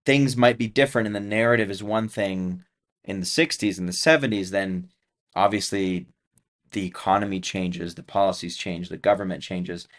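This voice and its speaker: A man's voice: sits low, normal speed, a bit bright. A man from the United States talking as a guest in a casual conversation, thoughtful and reflective.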